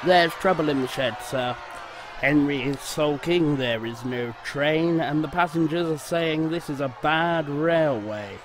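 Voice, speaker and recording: A man's voice: a little high, a little slow, natural voice. A fretful male station master, voiced by a man, hurrying his report in a raised voice. He sounds anxious and pressed. A noisy hiss sits behind him. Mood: worried.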